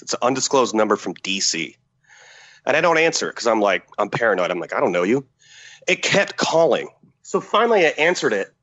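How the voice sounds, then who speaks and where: A man, a former Special Forces soldier, telling a story as a podcast guest in a profane, animated way, acting out the dialogue. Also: mid-range voice. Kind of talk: casual war-story telling.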